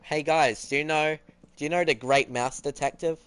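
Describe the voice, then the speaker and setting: A man's voice: fairly high pitch, fairly even intonation, moderate pace, fairly bright tone, clear, resonant tone. A teenage boy streaming a game, chatting casually and teasingly as he answers his viewers. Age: teens. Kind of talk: casual chat while gaming.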